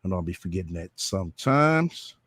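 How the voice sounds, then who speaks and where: A man's voice: deep voice, big pitch swings, brisk, fairly bright tone, slightly rough, no room sound, clean studio sound. A man doing casual reaction commentary, talking bluntly and with profanity straight to his viewers. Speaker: commentary streamer.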